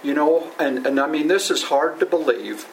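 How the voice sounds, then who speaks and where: A man telling a story at a coworker's farewell gathering, rambling and halting, often breaking into laughter. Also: fairly high pitch, lively intonation, a little hiss or hum, rough recording. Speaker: coworker giving a retirement tribute.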